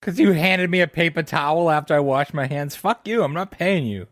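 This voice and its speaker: A man's voice: a little high, brisk, no echo, studio quality. A man co-hosting a podcast with blunt, mocking humor. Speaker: podcast co-host. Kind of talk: casual chat.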